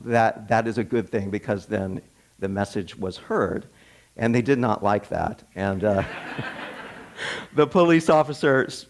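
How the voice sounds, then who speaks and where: Guy preaching, telling a story like he's chatting, trips over words and starts over a lot, mid pitch. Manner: conversational, restarts and repeats words, occasional laughs. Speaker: minister. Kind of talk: sermon with personal storytelling. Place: church sanctuary.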